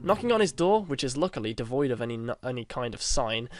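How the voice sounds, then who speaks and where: A young man reading a visual novel aloud, voicing narration and the protagonist in a subdued, low-key way. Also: very animated, fast talker, no room sound, soft background music. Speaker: let's play reader.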